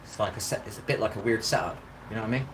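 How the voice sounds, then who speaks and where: A male vlogger with a lowish voice live-streams from a park, rambling casually at a hurried clip. Faint outdoor ambience hums in the background as he repeatedly circles back to "do you know what I mean."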